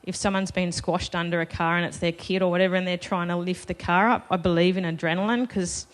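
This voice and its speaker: A woman's voice: fairly low pitch, fairly even intonation, fast talker. A woman telling a personal story to a live festival audience, chatty and self-deprecating, laughing between lines. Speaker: festival panel speaker.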